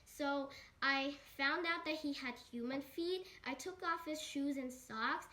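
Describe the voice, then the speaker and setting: A child storyteller making up a rambling story with lots of restarts and "and then.". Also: female voice, sits high, a little slow, sharp tone. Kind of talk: improvised kid's story.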